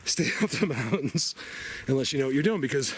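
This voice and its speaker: A man from New Jersey narrates his own walk through the mountains, talking in loose, rambling asides. His voice sits at an ordinary middle pitch. Clear outdoor noise runs under the recording from his handheld camera. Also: animated, a little fast. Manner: rambling, chatty, joking asides. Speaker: bigfoot researcher vlogger. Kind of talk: walking vlog narration. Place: outdoors in mountain woods and a cave. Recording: noisy outdoor ambience.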